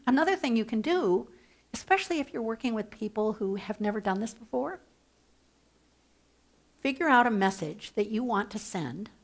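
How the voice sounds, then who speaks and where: A woman leading an advocacy training workshop, talking with playful humor and mock excitement through a headset mic. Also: fairly high pitch. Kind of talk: workshop presentation. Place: training room.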